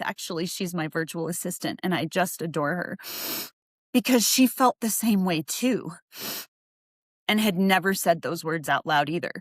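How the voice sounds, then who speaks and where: A woman's voice: on the low side, animated, normal speed, no room sound, studio quality. A woman hosting her own podcast, talking in an earnest, reflective way and openly letting her emotions show. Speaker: podcast host and adoptee coach. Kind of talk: podcast monologue.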